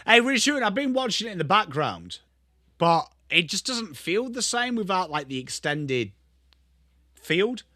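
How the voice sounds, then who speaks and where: Bright-voiced male watchalong host. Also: sits high, sing-song, no room sound, clean studio sound. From Australia. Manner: chatty, greets chat viewers by name, bursts into quick play calls. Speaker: live stream host. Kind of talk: casual live watchalong commentary.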